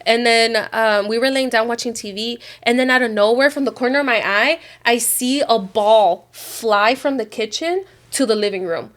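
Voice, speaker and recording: A woman's voice: a little high, normal speed, hardly any pauses. A woman co-hosting a podcast, telling a story in casual chat, switching between English and Spanish and swearing casually. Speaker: podcast co-host.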